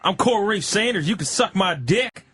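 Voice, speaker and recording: A man voicing a crude, vulgar drifter in his thirties who shouts his boasts in a raised, loud voice. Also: high voice, animated, normal speed, husky, soft background music, voice pushed up, exaggerated voice. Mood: crude boasting. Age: 35 (figure).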